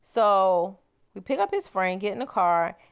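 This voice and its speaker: A woman crochet vlogger chatting casually as she tells a personal story, animated and exclaiming. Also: mid-range voice, a little slow, creaky, clean tone.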